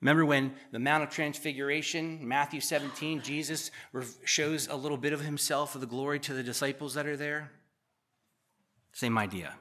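A man preaching a sermon, reading scripture aloud and breaking off into animated asides to the congregation. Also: on the high side, moderate pace. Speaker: pastor.

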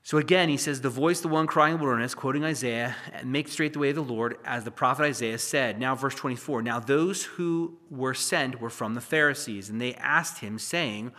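A man preaching a verse-by-verse sermon. He reads scripture aloud with force, then drops into low, chatty asides to the congregation. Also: moderate pace, few pauses. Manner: swings from loud scripture reading to low asides; conversational, jokes with the congregation. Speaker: pastor. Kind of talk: expository sermon teaching.

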